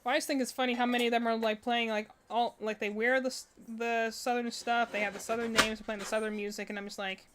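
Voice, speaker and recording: A woman's voice: fairly high pitch, level tone, quick pace, few pauses, a bit bright. Chatty young woman with faint background hiss. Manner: rambling, filler-heavy, laughs often. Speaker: streamer. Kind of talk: casual chat while crocheting. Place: home with barking dogs.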